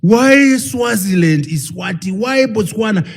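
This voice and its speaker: A husky-voiced man lectures a live audience with real drive. His pitch is fairly high and swings widely as he leans on key points. He keeps throwing rhetorical questions at the room. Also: animated, measured pace. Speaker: professor giving a public talk.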